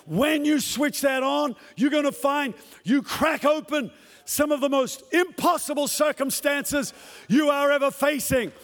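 Male preacher, fervent sermon delivery, acts out quotes; very high-pitched, long hall reverb. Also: measured pace, fairly bright tone. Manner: impassioned, acts out the lines he quotes. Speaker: pastor. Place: church hall with a congregation.

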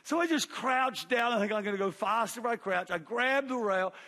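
A middle-aged man, a pastor telling a lively story in a sermon, acting out his own shouts and quotes. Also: high voice, a little fast. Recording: long hall reverb.

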